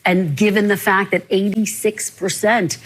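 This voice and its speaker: A woman's voice: mid-range voice, steady tone, measured pace. Woman news interviewer, mid-range voice, pointed and persistent. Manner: pointed, pressing.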